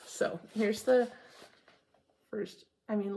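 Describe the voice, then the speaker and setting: Stitching vlogger from Maine, a woman with a rough, fry-tinged voice who chats casually and backtracks mid-sentence. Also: medium pitch, steady tone, takes it slowly, pauses often, dark tone, a little hiss or hum. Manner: chatty and earnest, rambling with self-corrections. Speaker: cross-stitch vlogger and teacher. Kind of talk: casual chat to camera.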